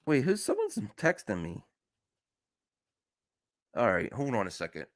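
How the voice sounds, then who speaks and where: A man's voice: mid-range voice, huge pitch swings, a little slow. A man hosting a casual live stream, reacting bluntly and with exasperation, swearing freely as he reads chat. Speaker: streamer host.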